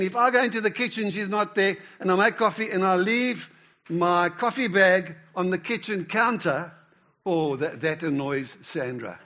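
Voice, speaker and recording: A man's voice: high voice, fairly bright tone, lo-fi sound. A man, a church elder, giving a conversational sermon with frequent restarts and stumbles. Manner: conversational preaching with stammered restarts. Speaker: pastor.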